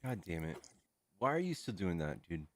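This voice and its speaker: Guy streaming live, kinda low voice, joking around and annoyed, dry close mic. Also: moderate pace, no room sound. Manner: joking, exasperated, jumps high when excited. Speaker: livestream host. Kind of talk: casual livestream debate chat.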